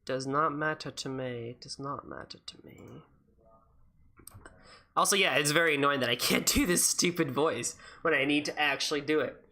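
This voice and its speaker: A woman streamer with a hoarse throat, chatting casually and rambling while playing a game. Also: deep voice, a little fast, few pauses, bright, forceful tone. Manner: chatty, rambling, swears freely. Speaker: let's-play streamer. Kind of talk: casual gaming chat.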